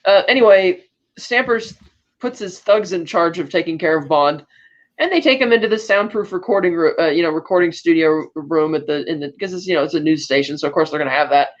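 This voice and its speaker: A woman's voice: on the low side, fairly quick, dull audio. A woman co-hosting a podcast, casually retelling a film's plot and acting out characters' lines as she goes. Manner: chatty retelling with quoted lines and laughs. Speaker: podcast co-host. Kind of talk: casual podcast movie recap.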